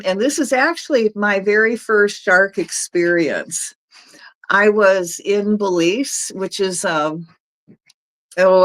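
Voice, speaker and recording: A woman hosting a show, telling personal stories in a chatty way, laughing between phrases. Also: lowish voice. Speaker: host. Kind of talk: personal storytelling monologue.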